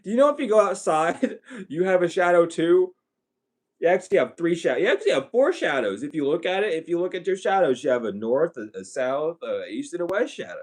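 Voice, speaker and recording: A man's voice: a little high, big pitch swings, fairly quick. A man giving a blunt, profane, ranting spiritual reading to his viewers as an online psychic reader.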